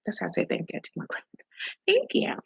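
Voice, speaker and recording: A woman's voice: rapid-fire, a bit bright. A middle-aged woman from Maryland hosting a casual chat, telling chatty stories and acting out the dialogue. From Maryland, USA. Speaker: host. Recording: dull lo-fi sound.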